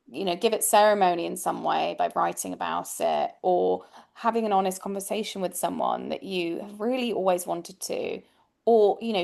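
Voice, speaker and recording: A woman's voice: lowish voice, creaky. A woman astrologer, a guest on a podcast, speaking reflectively in casual chat and often restarting her thoughts.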